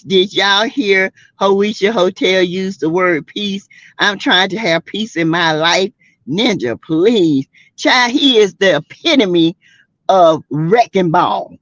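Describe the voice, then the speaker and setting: Sassy woman streamer, lively and slow. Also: mid-range voice, no echo, lo-fi sound. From South Carolina. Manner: sassy, outspoken, slangy, laughs often. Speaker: livestream host. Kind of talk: casual reality-show commentary to a live chat.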